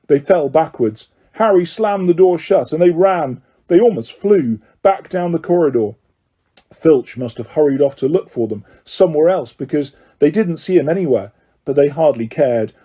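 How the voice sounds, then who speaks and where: A man reading an audiobook with lively, dramatic storytelling. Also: on the high side, breathy edge. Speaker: audiobook narrator. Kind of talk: scripted narration.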